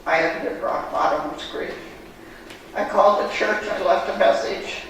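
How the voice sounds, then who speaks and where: A woman giving a heartfelt personal testimony at church, in halting, storytelling speech. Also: medium pitch. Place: church sanctuary. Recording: echoey church hall, distant mic, background noise.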